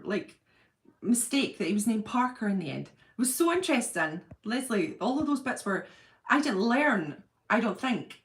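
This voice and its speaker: A middle-aged woman hosting a live chat, talking casually and reading out viewer comments, rambling and laughing often. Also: medium pitch. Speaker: livestream host.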